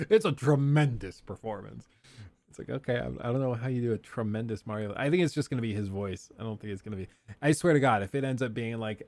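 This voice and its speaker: A man hosting a casual livestream, chatting and answering viewer questions aloud with quick asides. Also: mid-range voice, darkish tone, no echo. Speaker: livestream host.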